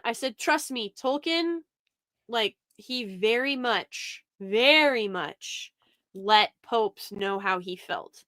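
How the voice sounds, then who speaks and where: A woman tells stories in a loose, rambling way, full of restarts and acted-out quotes. Her voice sits at a middle pitch. The sound is dry and close, like a video call. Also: a little slow, no room sound. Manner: rambling, many restarts and fillers; quotes others in animated retellings. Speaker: podcast guest. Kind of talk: casual chat.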